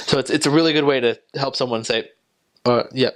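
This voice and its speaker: A man's voice: mid-range voice, normal speed. A young man talking casually about his time as a missionary, rambling and hesitant, with many fillers and restarts. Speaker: returned missionary.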